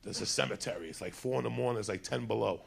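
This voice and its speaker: Gravelly New Jersey man telling stories. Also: lowish voice, racing. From North Bergen, New Jersey. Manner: profane, animated, loud acted quotes. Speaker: storyteller. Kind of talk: profane crime anecdote.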